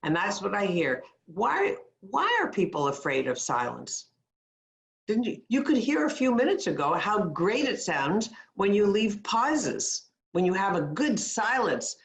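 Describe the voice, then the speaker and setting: A woman's voice: medium pitch, big pitch swings, a little slow, creaky. A woman coaching a webinar on a video call, demonstrating speech sounds and sentence stress and asking attendees questions. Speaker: communication coach. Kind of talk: webinar teaching.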